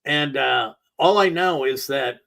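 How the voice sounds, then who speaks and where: A man's voice: mid-range voice, takes it slowly, gravelly, fairly bright tone, poor audio. A middle-aged man hosting a solo talk show, ranting in an exasperated, sarcastic and profane way. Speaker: podcast host. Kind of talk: opinionated solo rant.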